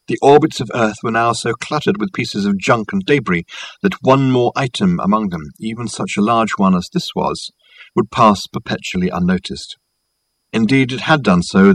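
A man reading a novel aloud in a wry, measured storytelling voice, lightly voicing the characters. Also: on the low side, husky, no echo, poor audio. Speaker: audiobook narrator. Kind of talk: scripted narration.

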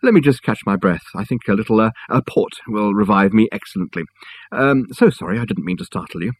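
A man reads an eccentric old gentleman, courteous and formal, who picks his words with halting care. The voice sits low and husky, grave and earnest in a storybook reading. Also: expressive. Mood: shaken.

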